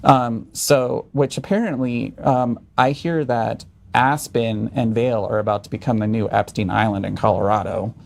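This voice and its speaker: A man's voice: mid-range voice, steady tone, moderate pace, gravelly, few pauses. Blunt, provocative male podcast guest. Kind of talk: casual chat.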